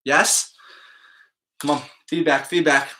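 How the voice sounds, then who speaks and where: A man's voice: fairly high pitch, steady tone, slow pace, bright, forceful tone, slight background noise. A man, a math teacher, talking casually and upbeat to his students in a live online class, checking in with them often.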